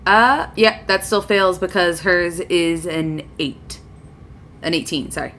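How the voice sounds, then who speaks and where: A woman's voice: lowish voice, takes it slowly, fairly bright tone, slight background noise. A woman running a tabletop game as game master, casual and tired, laughing between lines.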